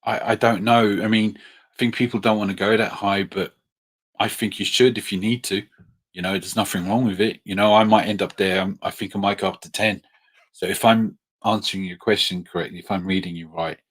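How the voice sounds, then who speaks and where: A man's voice: on the low side, fairly even intonation, brisk. A man hosting a casual live question-and-answer chat, friendly and hesitant, with frequent ums and apologies. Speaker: livestream host.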